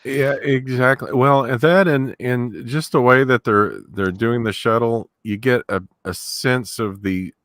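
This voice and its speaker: A man giving relaxed, reflective remarks in a casual movie commentary. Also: medium pitch, unhurried, hardly any pauses, dry recording, clean studio sound.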